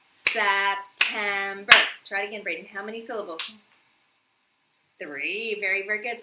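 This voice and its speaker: A woman's voice: mid-range voice, sharp tone, distant mic, a little hiss or hum. A woman teacher leading a morning meeting lesson for young children, patient, asking questions and giving praise. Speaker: elementary school teacher. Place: classroom. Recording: roomy echo.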